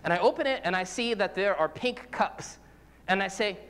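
Earnest priest preaching in a reverberant hall. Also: male voice, high-pitched, animated, normal speed, a bit bright, clean tone. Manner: earnest, conversational preaching with repetitions and acted-out examples. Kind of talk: sermon.

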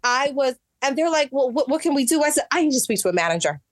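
A woman telling a story in casual chat, animated and acting out what people said, getting exasperated as she goes. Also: high-pitched, fast talker. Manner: animated, acts out quotes, rising exasperation. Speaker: guest.

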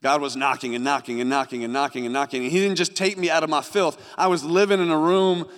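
A man's voice: on the high side, level tone, fast, a bit bright. A young man preaching a sermon, giving an earnest personal testimony that rises and falls in intensity. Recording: long hall reverb.

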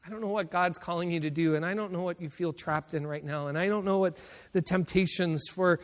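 A man's voice: high-pitched, fairly even intonation, fairly quick. A middle-aged male preacher telling personal stories in a sermon, emotional and laughing often as he goes. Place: college chapel. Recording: chapel recording with long reverb.

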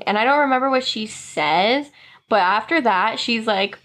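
A young woman guest casually recapping a movie plot, animatedly acting out the characters' lines in quick voices. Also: fairly high pitch, fairly bright tone. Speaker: podcast guest.

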